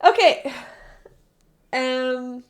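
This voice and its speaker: A woman's voice: sits high, drawn-out words. A woman streamer chatting casually with her viewers, rambling and often stopping herself mid-thought. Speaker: live streamer. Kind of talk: casual live-stream chat.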